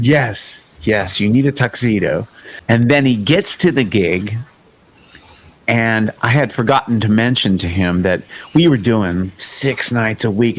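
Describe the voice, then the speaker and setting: A man hosting a music podcast, telling a story in a casual, lively way and acting out the quoted lines. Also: on the low side. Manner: animated storyteller, acts out quoted dialogue. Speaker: podcast host and singer.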